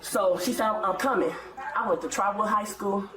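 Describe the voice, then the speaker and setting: A woman's voice: medium pitch, normal speed. A middle-aged grandmother complaining to a police officer in an indignant, emphatic way. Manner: indignant, emphatic, quotes herself. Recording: echoey room, far from mic, crowd noise.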